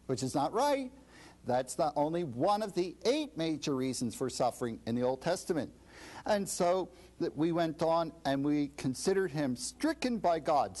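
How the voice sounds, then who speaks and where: A man with a high, very lively voice explains a scripture passage as an interview guest. He talks emphatically and dramatizes the voices of the people he quotes. His pitch swings widely from phrase to phrase. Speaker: Bible scholar guest. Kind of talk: expository interview answer.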